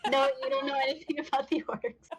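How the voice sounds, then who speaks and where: A woman's voice: high-pitched, little pitch movement, poor audio. Middle-aged woman running a tabletop game. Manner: laughing often, halting restarts. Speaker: game master.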